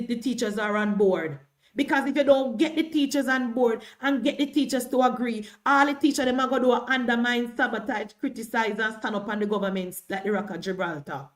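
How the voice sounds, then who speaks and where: Here a high-voiced Jamaican woman is doing political commentary live on stream. Combative and forceful, she keeps repeating each point to drive it home.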